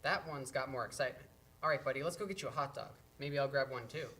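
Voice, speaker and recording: A kind dog owner in a play reading, mid-pitched and soothing. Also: male voice, quick pace. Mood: gentle. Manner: soft and reassuring.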